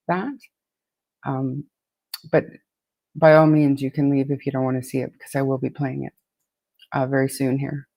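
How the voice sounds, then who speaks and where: A woman's voice: a bass voice, mellow, no echo. A woman from Atlantic Canada hosts a true crime stream. She has a sore, swollen throat and chats casually, greeting viewers in a rush with many restarts. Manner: chatty, rapid greetings, frequent restarts. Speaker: true crime podcast host. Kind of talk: casual livestream chat with viewers.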